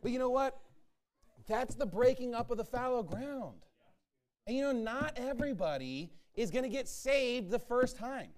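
A man preaching a sermon to his church, emphatic and repetitive as he rallies his listeners. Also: very high-pitched.

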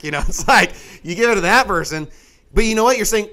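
A middle-aged man preaching a sermon in a folksy, animated way, with mocking asides and a conversational tone. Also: high voice, fast.

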